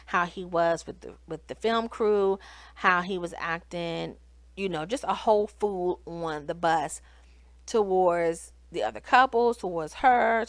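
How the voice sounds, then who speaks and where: Woman doing a chatty tv recap, lively and talky, dry close sound. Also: lowish voice, no echo. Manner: animated, chatty, addresses viewers as y'all. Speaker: TV show reviewer. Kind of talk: casual recap commentary.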